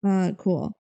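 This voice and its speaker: Chatty young woman, gravelly and mellow. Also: on the low side. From Minnesota, USA. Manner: chatty, laughing, filler-heavy. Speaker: podcast co-host. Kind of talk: casual chat.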